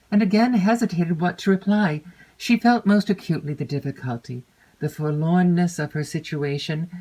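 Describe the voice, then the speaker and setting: A woman narrating a classic novel aloud in a measured, expressive way. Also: low-pitched, low-quality recording. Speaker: audiobook narrator.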